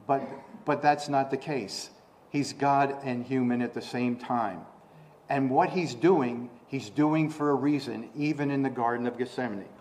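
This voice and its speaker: A medium-pitched man preaches a sermon, reading scripture aloud and explaining it. He repeats words and restarts, then swells into loud, emphatic bursts on the quoted lines.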